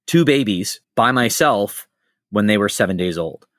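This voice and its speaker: Animated middle-aged man hosting a podcast. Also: lowish voice, moderate pace, dry recording, studio quality. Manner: animated storyteller, swears freely, jumps between tangents. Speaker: podcast host. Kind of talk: casual podcast conversation.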